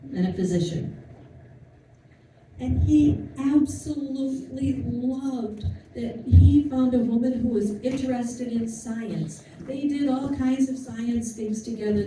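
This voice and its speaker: Woman telling history in an echoey room. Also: a little high. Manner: chatty, animated storytelling with asides and fillers. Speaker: lecturer. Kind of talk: informal history talk to an audience. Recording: distant mic in an echoey room with faint noise.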